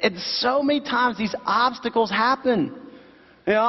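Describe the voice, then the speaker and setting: High-voiced pastor preaching in a reverberant hall. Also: male voice. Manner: conversational preaching with emphatic slow repeats. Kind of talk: sermon. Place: church sanctuary. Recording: dull sound with long hall reverb.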